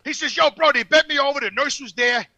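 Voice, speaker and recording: Loud, cursing older man. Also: very high-pitched, quick pace, no echo, highs cut off. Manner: loud, profane, rambling anecdotes. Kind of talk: casual storytelling.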